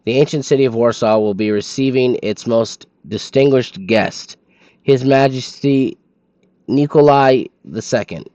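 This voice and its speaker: Sleepy man, mid-pitched voice, reading game text, dry dull lo-fi sound. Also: measured pace, a little mellow, dry recording. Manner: stumbles over names, sleepy and yawning. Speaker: streamer.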